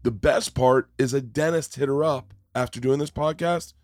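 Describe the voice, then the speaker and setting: A man's voice: medium pitch, moderate pace, darkish tone, no echo. A man hosting a podcast on a tour bus, telling stories in a rambling, enthusiastic way and swearing often. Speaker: podcast host. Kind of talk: casual chat.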